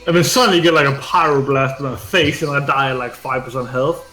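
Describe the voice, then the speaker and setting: A man's voice: medium pitch, fast talker, sharp tone. A man telling a gaming story in casual chat, rambling and swearing, with lots of filler words. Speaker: gaming streamer. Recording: echoey room with faint game music.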